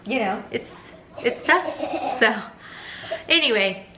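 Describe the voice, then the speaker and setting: A woman's voice: on the high side, expressive, takes it slowly, low-quality recording. A young woman, a stay-at-home mom vlogging at home in her kitchen, talking in an emotional, tearful, heartfelt way. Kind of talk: casual chat.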